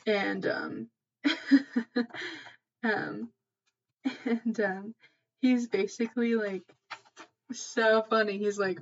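Female podcast host, mid-pitched, chatty and rambling, filler-heavy, slightly muffled lo-fi recording. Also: steady tone, very slow, long pauses. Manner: rambling, filler-heavy, swears casually, loses her train of thought. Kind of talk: casual mythology recap podcast.

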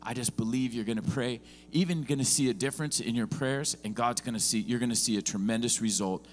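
A man's voice: medium pitch, brisk, slight background noise. A man preaching as a visiting pastor, often rising into emphatic bursts and checking in with the congregation. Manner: lively preaching with rising, emphatic bursts and frequent "are you with me?". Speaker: guest pastor. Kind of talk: sermon. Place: church.

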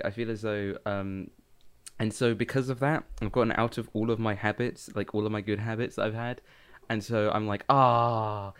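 A man's voice: fairly low pitch, smooth. A young man co-hosting a casual podcast chat, rambling with lots of fillers and repeated phrases. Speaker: podcast co-host.

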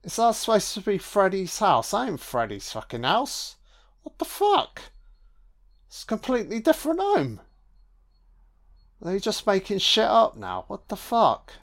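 A man's voice: high voice, very animated, normal speed, a bit bright. A man giving a casual film commentary, sweary, sarcastic and mocking.

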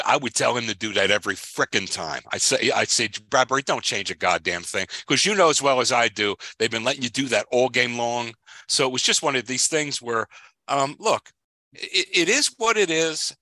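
A man's voice: mid-range voice, lively intonation, moderate pace, bright, forceful tone, no room sound. Heated man ranting about a bad call. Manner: heated, emphatic rants with repeated phrases. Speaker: podcast co-host. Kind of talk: casual sports chat.

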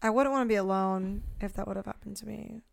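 A woman's voice: mid-range voice, fast, vocal fry, no echo, studio quality. A woman co-hosting a casual podcast, reacting with swearing and cries of disbelief. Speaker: podcast co-host.

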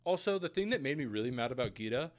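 A man's voice: mid-range voice, fast talker, no echo, studio quality. A young man co-hosting a podcast, recapping a movie in casual chat, swearing freely and getting worked up. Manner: animated, profane, laughs often, acts out quotes. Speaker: podcast co-host.

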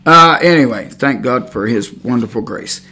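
Animated and sharp-toned, a Texan man with a mid-range voice hosts a religious podcast at normal speed. He meanders through folksy stories, leaning heavily on fillers.

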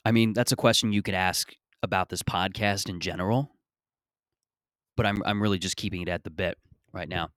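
Man around 30, deep low voice, dry sound, rambling jokey podcast host with a bit of swearing. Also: fairly even intonation, brisk, a bit bright, dry recording. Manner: rambling, joking, profane. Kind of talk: casual solo podcast monologue. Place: parents' backyard outdoors.

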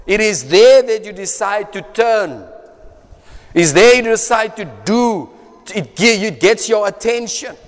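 A man's voice: sits high, fairly bright tone. A man preaching a sermon in a conversational way, repeating phrases and often asking "right?". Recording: echoey hall.

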